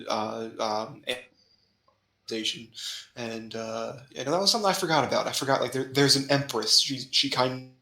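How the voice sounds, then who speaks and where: A man hosting a casual manga chat who laughs often and acts out scenes with quick put-on voices. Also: mid-range voice, bright, forceful tone, echoey room, poor audio. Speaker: podcast host.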